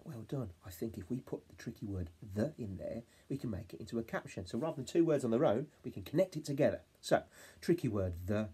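A young male teacher from England talking to young children in a home-learning phonics lesson, saying words slowly sound by sound and prompting them to repeat after him. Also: mid-range voice, lively intonation, dark tone, husky. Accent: English. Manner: slow, sound-by-sound modelling with call-and-response prompts. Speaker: reception class teacher.

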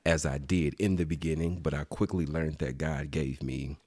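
A man's voice: rumbling low, fairly even intonation, moderate pace, a little mellow, breathy edge, dry recording, clean studio sound. A man from Dallas, a podcast guest talking in a laid-back, reflective way. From Dallas, Texas. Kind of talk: casual podcast conversation.

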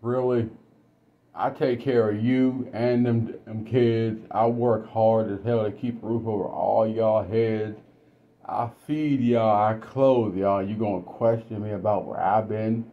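A man voices a cold, domineering husband who talks down to his wife with sneering contempt. His voice is fairly low-pitched, unhurried and flat in delivery, in a dull lo-fi recording.

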